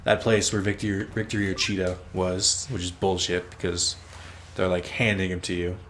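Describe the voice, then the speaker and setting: A man's voice: sits low, flat delivery, normal speed, fairly bright tone, slight background noise. A man hosting a let's play, rambling casually as he plays, swearing freely and teasing himself. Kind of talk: casual gameplay commentary.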